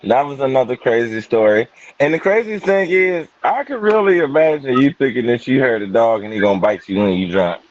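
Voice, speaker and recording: A man's voice: medium pitch, animated, brisk, few pauses, no echo. Casual man hosting, slightly muffled. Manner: casual, loose, talks to the audience. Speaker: host. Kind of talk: hosting a panel show.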